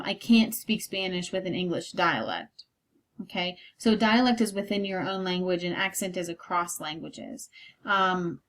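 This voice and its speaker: Woman lecturing, steady with frequent ums. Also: medium pitch. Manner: explanatory, with frequent ums and okays. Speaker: college instructor. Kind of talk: recorded lecture.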